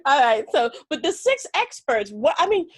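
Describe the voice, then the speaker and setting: A woman's voice: high voice, moderate pace, no echo, studio quality. A woman hosting an interview show, playful and chatty, laughing often and joking with her guest. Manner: playful, animated, laughs often, uses "like" and "y'all". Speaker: show host. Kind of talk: casual interview chat.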